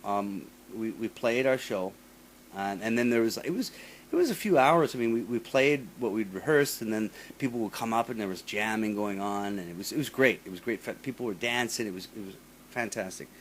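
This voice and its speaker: A man's voice: on the low side, brisk, slight background noise. A man hosting a casual chat, telling a long story full of profanity, repeating himself and mimicking the people in it. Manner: profane, animated, restarts often, mimics others. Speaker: podcast host.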